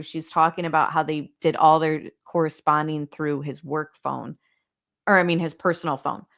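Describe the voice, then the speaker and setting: A woman hosting a casual livestream, chatting straight to viewers and reading documents aloud. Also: lowish voice. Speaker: true crime channel host. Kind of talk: casual livestream case discussion.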